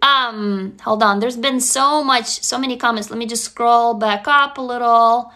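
Bright-voiced woman with a Russian accent. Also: a little high, measured pace. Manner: candid, rambling, reads comments aloud. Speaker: livestream host. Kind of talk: casual livestream chat.

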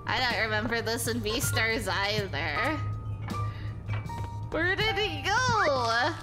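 A woman VTuber streaming a game, excitable and bubbly, reacting with playful outbursts. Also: high voice, takes it slowly, loud music behind the voice. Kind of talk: gameplay live stream.

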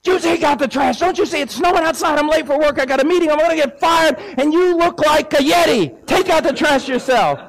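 A man preacher playing a frazzled, angry husband who is late for work and shouts indignantly. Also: very high-pitched, fairly quick, vocal fry, hardly any pauses, pitched above the performer's own voice. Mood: indignant yelling.

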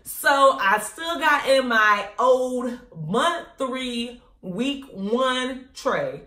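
A woman vlogger telling a casual storytime in an animated, slangy way, laughing often. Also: high voice, drawn-out words. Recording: echoey room.

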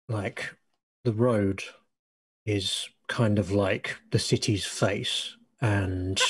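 A man voicing an earnest male protester with odd logic, reasoning slowly and ramblingly in improvised role-play. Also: lowish voice, slightly rough, no room sound, exaggerated voice. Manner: slow, rambling reasoning with chuckles.

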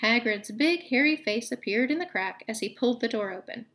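A woman's voice: fairly high pitch, expressive, a little fast, a bit bright. Woman teacher reading a novel aloud. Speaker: teacher reading to a book club.

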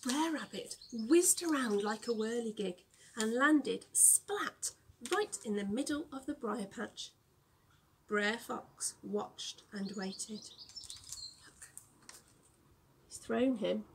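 A young woman teacher reading a storybook aloud to children, gently explaining words along the way. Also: fairly high pitch, animated, slow pace, vocal fry, slight background noise.

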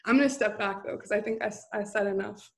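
A woman's voice: medium pitch, steady tone, fast talker, gravelly. A woman speaking earnestly and reflectively as a panelist on a video call. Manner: thoughtful, self-reflective, careful restarts.

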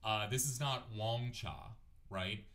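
A man teaching a language lesson, repeating words slowly and clearly. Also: fairly low pitch, fairly bright tone. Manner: clear, drawn-out repetition of words; sings numbers in a chant. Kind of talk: slow, patient language lesson.

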